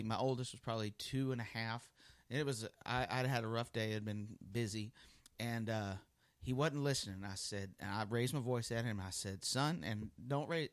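A man's voice: medium pitch, no echo. A male pastor preaching a sermon in a loose, conversational way, full of ums and restarts.

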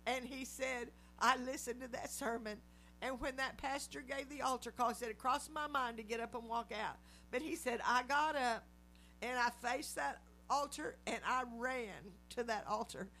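High-voiced woman telling a testimony sermon. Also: moderate pace, faint music behind. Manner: animated storytelling, acting out quoted voices. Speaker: lay preacher.

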